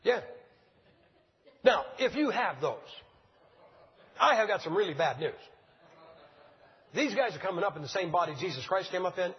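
Raspy high-voiced older preacher. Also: male voice, lively intonation, normal speed, pauses often. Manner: folksy, joking, fires rhetorical questions at the crowd. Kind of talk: sermon. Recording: dull lo-fi sound, long church-hall reverb.

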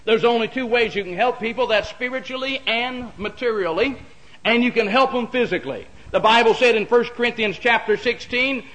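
A man's voice: very high voice, brisk, fairly bright tone, rough recording. A man preaching a sermon in a folksy, repetitive way, calling out for amens. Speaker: pastor.

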